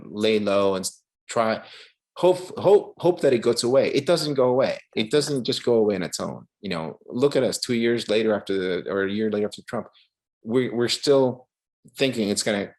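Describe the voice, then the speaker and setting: A man giving a casual artist talk over a video call, telling animated stories full of restarts and acted-out quotes. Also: lowish voice. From Cuba. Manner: animated, many restarts, acts out quoted voices. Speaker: guest artist.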